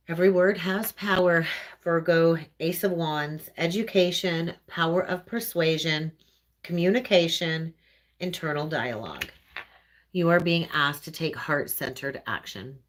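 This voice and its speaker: A woman's voice: sits low, expressive, measured pace. A woman with a Canadian accent giving an earnest, conversational live-streamed tarot reading and often checking in with "right?". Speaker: tarot reader.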